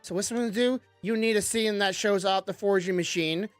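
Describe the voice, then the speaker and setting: A woman at a middle pitch gives casual gameplay commentary, chatty and self-mocking as she stumbles through reading on-screen text. Her voice is dry and close, with faint game music underneath. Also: a little fast, no room sound. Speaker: gaming streamer.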